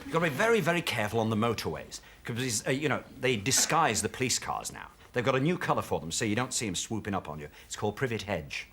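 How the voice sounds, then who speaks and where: A man's voice: lowish voice, expressive, very noisy. A man in his thirties doing a chatty stand-up routine in a TV studio. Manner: chatty, quick with voices. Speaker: stand-up comedian. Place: TV studio with live audience. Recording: 1970s TV studio with audience.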